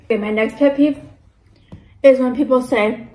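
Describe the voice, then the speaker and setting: A woman's voice: high voice, steady tone, normal speed, dark tone, reverberant, poor audio. A young woman vlogging casually while eating, ranting about pet peeves with lots of fillers. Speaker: mukbang vlogger.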